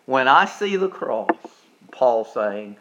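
A male pastor preaching a sermon, swinging from soft, low passages up to loud, high-pitched climaxes. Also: sing-song, takes it slowly. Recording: dull lo-fi recording.

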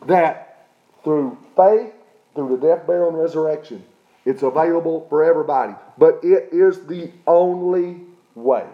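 A man's voice: fairly high pitch, unhurried, roomy sound, lo-fi sound. A middle-aged man preaching a sermon as pastor, emphatic, often checking in with his listeners. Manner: emphatic preaching with repeated "okay?" check-ins.

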